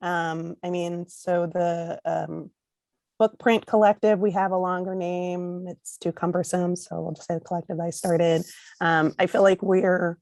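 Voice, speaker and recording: A woman book artist speaking on a panel, earnest and halting, losing her voice and clearing her throat. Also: lowish voice, darkish tone, no room sound, clean studio sound. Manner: earnest, repeats herself with "um"s. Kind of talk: panel discussion.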